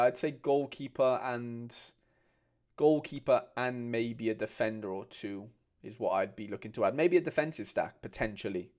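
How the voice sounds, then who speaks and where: A man's voice: mid-range voice, darkish tone. A man hosting a casual livestream, chatting with viewers and calling them mate. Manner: chatty, reads out viewer comments, calls people mate. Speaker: host.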